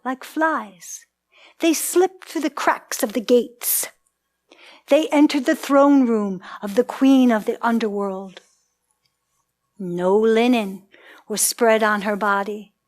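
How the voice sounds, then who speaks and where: A woman's voice: a little high, takes it slowly, a little mellow. A woman telling a myth in a ritual storytelling performance, in a dramatic, incantatory way.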